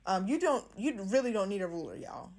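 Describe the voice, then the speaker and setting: A woman's voice: mid-range voice, very animated, brisk, creaky, darkish tone. Young woman, vlogger, casual craft how-to, playful, chatty, slangy. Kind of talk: casual DIY tutorial.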